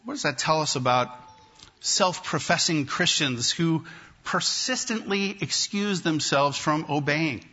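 A male pastor preaching a sermon to his congregation, emphatic and repetitive, with slow deliberate pauses. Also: on the high side, sharp tone, breathy edge. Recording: dull lo-fi sermon recording.

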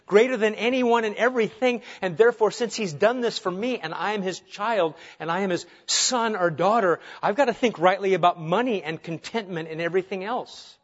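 A man's voice: high-pitched, lively intonation, brisk, hardly any pauses. A male pastor preaching an earnest, emphatic sermon, asking his listeners rhetorical questions. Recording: dull lo-fi sound.

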